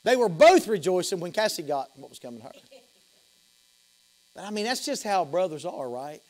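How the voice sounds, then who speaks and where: A middle-aged male pastor with a Southern US accent preaching a sermon, emphatic, repeating phrases and swinging from loud to hushed. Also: high voice, big pitch swings, normal speed.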